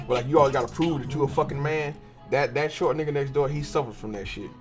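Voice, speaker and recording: A young man hosting a podcast, telling profane and animated stories in a casual monologue while he draws. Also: mid-range voice. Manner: profane, animated storytelling with slangy cussing. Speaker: podcast host.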